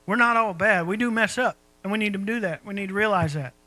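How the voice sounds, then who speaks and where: A middle-aged man delivers a sermon in a high, bright voice. He preaches in a folksy, conversational way, tossing rhetorical questions at the congregation. The sound is dry and close, with no room echo. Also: fast. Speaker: pastor.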